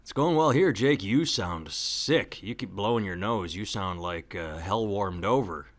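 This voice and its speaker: A man's voice: fairly low pitch, expressive, measured pace. A man hosting a podcast, chatting casually and telling rambling jokey stories. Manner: rambling, joking storyteller. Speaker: podcast host.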